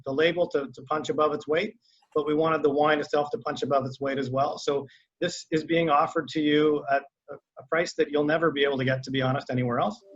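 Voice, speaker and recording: Male winery rep: easygoing, filler-heavy tasting talk, slightly raised pitch, muffled video-call audio. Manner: relaxed, conversational, many fillers.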